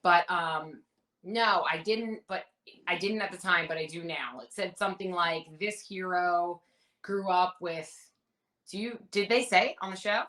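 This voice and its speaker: A woman in her thirties, a reality show contestant, telling stories in a casual interview with animated, rambling detail. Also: fairly low pitch, normal speed, rough recording. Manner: animated, rambling anecdotes with many fillers.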